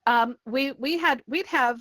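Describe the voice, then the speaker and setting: A woman hosting a casual panel chat, telling lively stories and acting out what people said. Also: high voice, a little slow, dry recording, rough recording. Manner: animated storyteller, acts out quotes. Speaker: host and VR community moderator.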